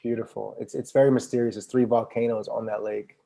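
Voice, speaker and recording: A man's voice: on the low side, flat delivery, brisk, vocal fry, dark tone. A young man telling stories as a podcast guest in a laid-back, slangy way. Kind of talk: casual conversation.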